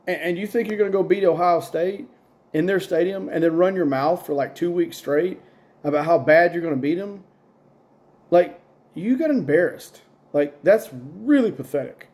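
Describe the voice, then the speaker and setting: Male sports show host, slightly high mellow voice, rambling and opinionated, a bit tired. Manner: rambling, opinionated, with many fillers. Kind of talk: casual solo sports commentary.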